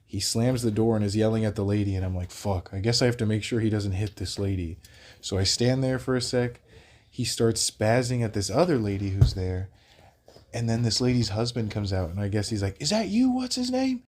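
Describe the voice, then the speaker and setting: A young man hosting a vlog, telling a wild story in casual chat. He talks in an animated way, swears freely, laughs along, and acts out the people he quotes. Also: on the low side, brisk. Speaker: vlog host.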